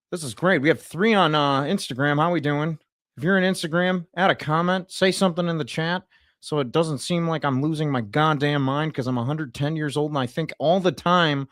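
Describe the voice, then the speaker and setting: A man livestreaming a satirical comedy rant in a mock-pundit persona, rambling with sarcasm and swinging between loud outbursts and muttered asides. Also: a little high, no echo, clean studio sound. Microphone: streaming mic.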